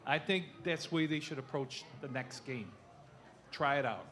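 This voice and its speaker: A man from the audience of a live show in a restaurant, asking a question with many hesitant pauses. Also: medium pitch, fairly bright tone.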